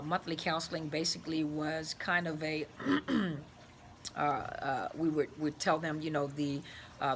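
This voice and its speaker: A woman's voice: low-pitched, a bit bright, a little hiss or hum. A middle-aged woman, a therapist and life coach, explaining her work in an earnest, searching way as an interview guest. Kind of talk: casual interview talk.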